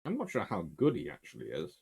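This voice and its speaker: A man's voice: low-pitched, huge pitch swings, quick pace, creaky, a little mellow, breathy edge. A man giving a casual, emphatic spoken history lecture in a conversational way.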